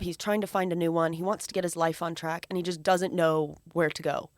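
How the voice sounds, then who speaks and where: A young woman co-hosting a student show, telling a long rambling joke with lively storytelling. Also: fairly low pitch, a little fast, hardly any pauses, no echo, studio quality. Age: young adult. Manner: lively storyteller, voicing characters. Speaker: co-host.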